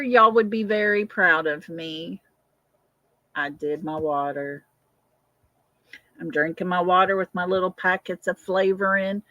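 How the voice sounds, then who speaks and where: A woman's voice: fairly low pitch, flat delivery, a little slow, pushed and bright, dry recording. An older woman hosting a casual livestream, chatting, answering viewer comments and laughing often. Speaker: livestream host.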